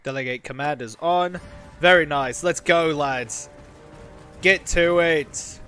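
A man giving excitable gameplay commentary, exclaiming often as the fight unfolds and rallying his troops. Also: fairly high pitch, slow, smooth, soft background music. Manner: rallies his game troops with shouted battle cries. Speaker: gaming video host.

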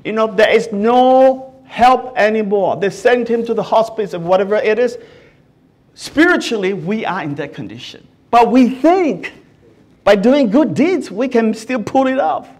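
Male pastor, high voice, earnest sermon with frequent restarts. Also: lively intonation, measured pace. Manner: earnest, asks the listeners many questions; often restarts words mid-sentence.

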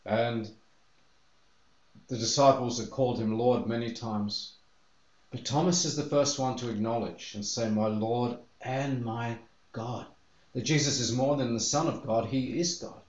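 A man's voice: mid-range voice, normal speed, roomy sound, highs cut off. A man preaching a sermon as pastor, earnest and telling the story with feeling. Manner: earnest, acts out the disciples' voices in quotes.

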